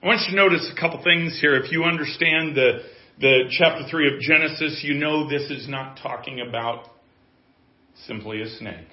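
A man's voice: a little high, normal speed. Man preaching, roomy muffled sermon audio. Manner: swings from quiet musing to loud emphatic preaching. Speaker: pastor. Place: church. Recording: echoey, muffled church audio.

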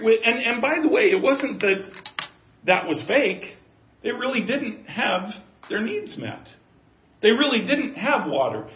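A man's voice: very high voice, very animated, unhurried. A male pastor preaching a sermon, emphatic and given to repeating key phrases for weight. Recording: echoey, dull lo-fi room sound.

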